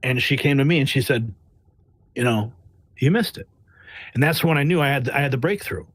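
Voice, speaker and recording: A man working as a press correspondent, telling stories in a blunt, animated way during a casual interview. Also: medium pitch, brisk, dry recording. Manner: blunt, animated, acts out quotes. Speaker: White House press correspondent.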